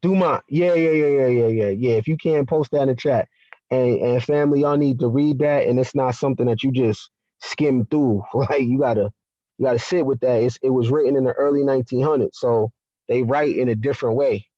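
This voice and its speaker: A man chatting as a guest on a talk show, animated and slangy, with lots of fillers. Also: mid-range voice, brisk, no echo, lo-fi sound. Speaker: podcast guest. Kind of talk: casual conversation.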